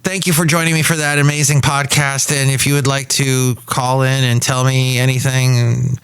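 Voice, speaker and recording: A man's voice: mid-range voice, flat delivery, normal speed, hardly any pauses, fairly bright tone, smooth, no room sound. A man hosting a comic one-man podcast, rambling playfully with jokey asides. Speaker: podcast host.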